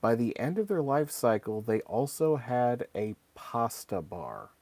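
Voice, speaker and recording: A man's voice: medium pitch, sing-song, a little slow, a little mellow, no echo. A man in his thirties chatting casually and rambling while he paints on a live stream. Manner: rambling and conversational, many fillers. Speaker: streamer and voice actor.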